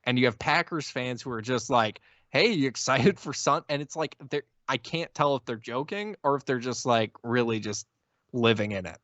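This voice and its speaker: A man's voice: mid-range voice, moderate pace, fairly bright tone, no echo, lo-fi sound. A man co-hosting a casual sports podcast, talking in exasperated rants full of stammering restarts. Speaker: podcast co-host.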